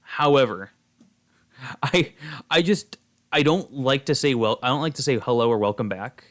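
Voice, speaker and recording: A man's voice: medium pitch, moderate pace. A young man streaming a game and chatting casually with viewers, rambling with lots of fillers and restarts. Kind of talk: casual chat while gaming.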